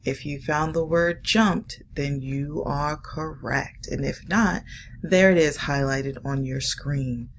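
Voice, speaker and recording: A woman teacher giving a slow, patient, encouraging phonics lesson and read-aloud to first graders. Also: low-pitched, slight background noise.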